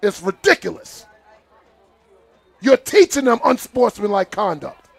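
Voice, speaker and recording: A man's voice: sits high, sing-song, measured pace, creaky, breathy edge, dry recording. A man calling a live football game as commentator, getting worked up and indignant as he talks to the field. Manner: exasperated, indignant, talks to the players. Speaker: play-by-play commentator.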